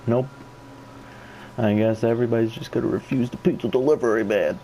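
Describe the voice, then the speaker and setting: A man's voice: mid-range voice, fairly even intonation, brisk, dark tone, slight background noise, low-quality recording. A man giving casual, joking let's-play commentary. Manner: joking, rambling. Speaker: gaming YouTuber.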